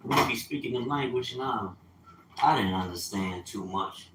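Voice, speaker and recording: Animated streetwise man in his fifties. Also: mid-range voice, normal speed, reverberant, a little hiss or hum, low-quality recording. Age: 50s. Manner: animated, streetwise, swearing, loud outbursts. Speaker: livestreamer. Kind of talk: casual storytelling.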